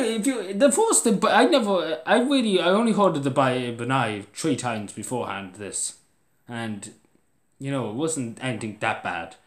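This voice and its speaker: A man's voice: medium pitch, roomy sound. A young Irish man venting in a casual vlog, tired and restless, who keeps restarting his sentences and climbs into exasperated outbursts. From Ireland. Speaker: vlogger.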